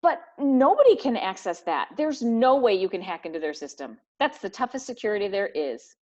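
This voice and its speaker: A woman's voice: mid-range voice, big pitch swings, normal speed, darkish tone, pitched above the performer's own voice. A woman voicing a grumpy, suspicious male snake with a sarcastic edge. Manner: sour and sarcastic. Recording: dull lo-fi recording.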